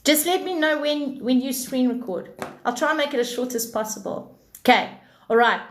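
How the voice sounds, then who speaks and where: A woman with a bright, high-pitched voice hosts a live stream, chatting about spiritual ideas. She is blunt and animated and swears freely. The room around her has a clear echo. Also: moderate pace. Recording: echoey room.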